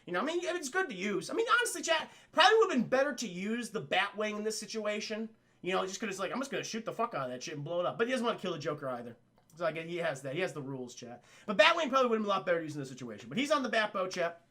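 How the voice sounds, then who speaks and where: A man's voice: sits high, very animated, sharp tone. A man casually recapping a cartoon for his livestream chat, rambling and profane, often addressing the chat and acting out characters. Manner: acts out characters in quick voices. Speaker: streamer reviewing a cartoon.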